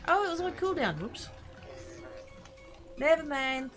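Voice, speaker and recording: Woman, game streamer, lively up-and-down voice, chatty and excitable, game music underneath. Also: high voice, a little slow. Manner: excitable, squealing at her cat and chat, talking to herself. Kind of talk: casual gameplay livestream chatter.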